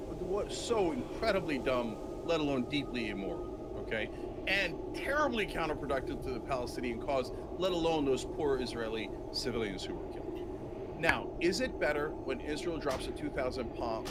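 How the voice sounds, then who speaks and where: A man's voice: medium pitch, very noisy. A man giving impassioned political commentary, emphatic and indignant, with mocking mimicry of opponents.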